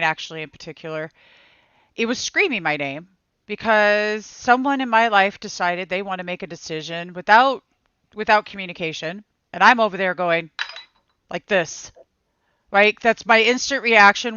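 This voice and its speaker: A woman on a panel, talking in a casual, animated way about faith and meditation, repeating phrases in quick bursts. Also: medium pitch, smooth, dry recording, highs cut off. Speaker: panel guest. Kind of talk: casual spiritual chat.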